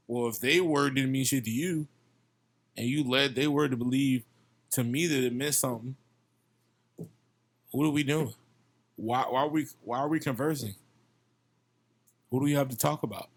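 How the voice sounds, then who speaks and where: Passionate young man from Virginia, swearing. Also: mid-range voice. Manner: passionate, heavy swearing, repeats himself. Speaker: podcast guest, musician. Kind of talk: casual chat.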